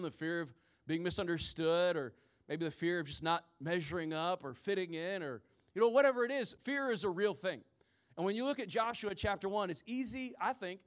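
Male pastor, forties, fairly high voice, animated preaching, jokes to the congregation. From rural Midwest of the US. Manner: lively storytelling with humorous asides to the congregation. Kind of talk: sermon. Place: church before a congregation.

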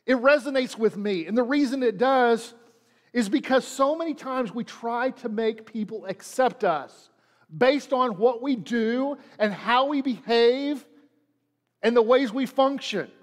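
A man's voice: very high-pitched, a little slow, in a large hall. A man preaching a sermon as pastor, repeating lines and leaning hard on them for emphasis. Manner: preaching with dramatic emphasis and repetition.

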